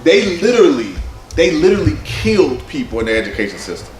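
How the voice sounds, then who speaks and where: Animated man presenting at a conference. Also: a little high, quick pace. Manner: animated, conversational, quotes people in voices. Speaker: presenter at a men's summit. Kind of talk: conference talk with slides. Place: conference room. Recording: roomy hall sound with faint ambience.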